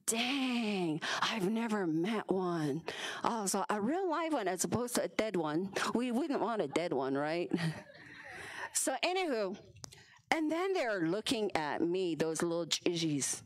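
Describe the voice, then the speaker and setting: Animated, playful woman in her fifties. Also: mid-range voice, unhurried. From Navajo Nation, US Southwest. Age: 50s. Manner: animated, playful, self-deprecating. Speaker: symposium speaker. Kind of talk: humorous storytelling talk.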